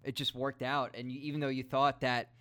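A man's voice: medium pitch, little pitch movement, brisk, fairly bright tone. A young man hosting a casual interview, encouraging and laughing along with his guest. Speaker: host.

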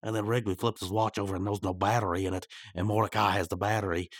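A man with a somewhat low, husky voice recapping a cartoon on a podcast. He teases his co-host in a sarcastic, offhand way. The sound is dry and close. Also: fairly even intonation, quick pace, no echo. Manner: sarcastic, teasing. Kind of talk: casual episode recap chat.

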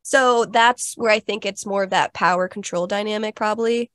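Young female podcast host, casual and chatty, mid pitch, recorded dry and close. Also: steady tone, moderate pace, a bit bright, no room sound. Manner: chatty, lots of "like" fillers, personal storytelling. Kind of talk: casual conversational interview.

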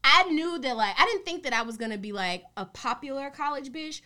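A young adult woman co-hosting a podcast, telling animated, profane stories in casual chat. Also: sits high, a little fast. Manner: animated storytelling, heavy swearing. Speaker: podcast co-host.

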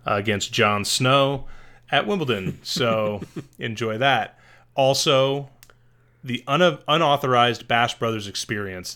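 Bright-voiced man rambling about movies. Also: mid-range voice, clear, resonant tone. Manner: rambling, self-correcting recommendations. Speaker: podcast co-host. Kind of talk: casual podcast chat.

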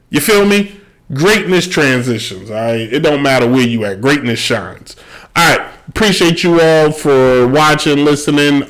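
A young man hosting a sports podcast, ranting in a casual, slangy, animated way. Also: medium pitch.

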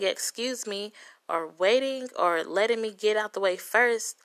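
Bright-voiced woman ranting a story. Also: on the high side. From Compton, California. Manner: profane, heated, dramatic retelling with quoted voices. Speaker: vlogger telling a story. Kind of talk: animated storytelling rant.

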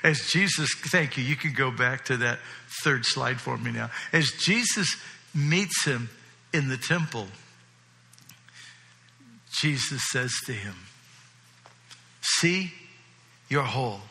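A man preaching a sermon in a lively, conversational way, often checking in with his listeners. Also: mid-range voice, slow, gravelly, long pauses. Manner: animated, conversational, often asks the audience "right?". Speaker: pastor. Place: church hall with a congregation. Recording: long reverb of a large hall.

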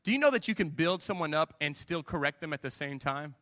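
A man's voice: on the high side, expressive, fairly quick, pushed and bright, long reverb tail. A man, preaching a conversational sermon and acting out dialogue from his own stories. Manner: conversational, self-deprecating storytelling with acted-out dialogue. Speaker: pastor.

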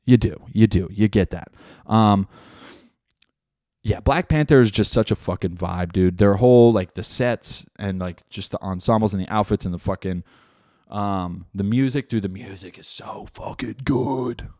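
Low-voiced man cursing through a casual chat. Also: moderate pace, no echo, studio quality. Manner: profane, rambling, animated with many fillers. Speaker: podcast host; stand-up comedian. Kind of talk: casual solo podcast chat. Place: home room.

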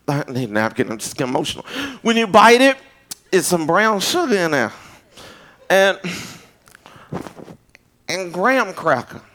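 A man giving a casual storytelling sermon, animated and joking as he talks straight to his listeners. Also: high voice.

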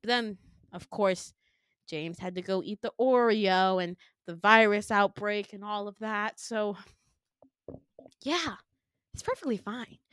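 A young woman chatting as a podcast host, spinning a long story loosely with fillers and little laughs. Her voice sits at a middle pitch and sounds dry and close, with no room around it. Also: measured pace, smooth, no echo. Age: young adult. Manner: animated, full of fillers and laughter. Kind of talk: casual storytelling.

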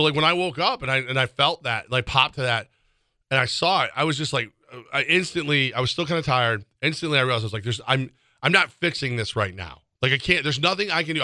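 A man's voice: medium pitch, bright, forceful tone, dry recording, clean studio sound. A man co-hosting a sports talk show, telling a rambling, self-mocking story in casual chat and chewing gum as he talks. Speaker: sports radio co-host.

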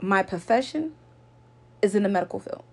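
A woman's voice: mid-range voice, animated, moderate pace, a little mellow. A woman telling a personal story to her viewers in an earnest, lecturing way, repeating her points for emphasis. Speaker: vlogger.

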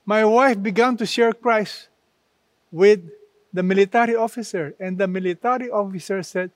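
A man preaching a sermon, slow and emphatic, repeating key phrases and quoting scripture. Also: sits high, no room sound.

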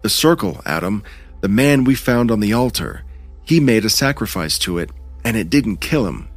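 A man's voice: on the low side, lively intonation, moderate pace, no room sound, faint music behind. A man narrating a horror story, voicing an injured young man who talks in a strained, pained way. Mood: grim.

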